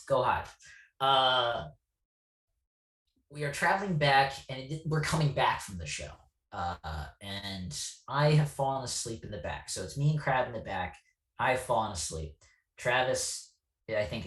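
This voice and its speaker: Animated man, echoey and off-mic. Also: medium pitch, unhurried. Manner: self-deprecating, animated storyteller. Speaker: guest. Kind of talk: casual storytelling chat. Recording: echoey room, distant from mic.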